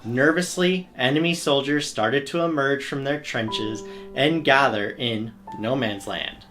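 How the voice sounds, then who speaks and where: A man reads a history documentary script at a middle pitch. His delivery is steady and measured, and he tells the story plainly. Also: faint music behind. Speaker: history channel narrator.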